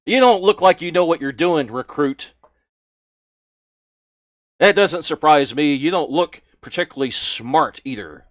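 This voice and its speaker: A man voicing a gruff, bullying male orc camp guard who barks loud, scornful insults. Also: fairly high pitch, animated, unhurried, pauses often, no room sound, clean studio sound, voice pushed up.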